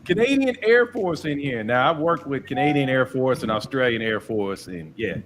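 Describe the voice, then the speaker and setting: An American man hosts a livestream, chatting casually and rambling through stories with lots of fillers in a laid-back way. His mid-range voice is a bit bright, with lively intonation and a moderate pace.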